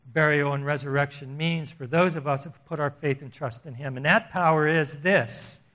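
Emphatic, higher-voiced older preacher. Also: male voice, fairly even intonation, normal speed. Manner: emphatic, repetitive, swings between loud and hushed. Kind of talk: sermon.

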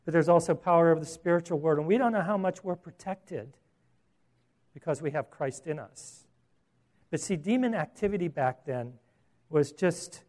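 Male pastor, sermon delivery, conversational and animated, voice a bit high. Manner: animated and conversational, with rhetorical questions.

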